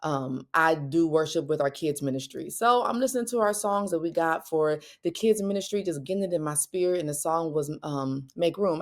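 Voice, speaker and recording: A woman, telling a personal faith story as a Christian parenting speaker, her voice jumping higher when she quotes people. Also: moderate pace, hardly any pauses. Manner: animated, rising pitch when quoting others.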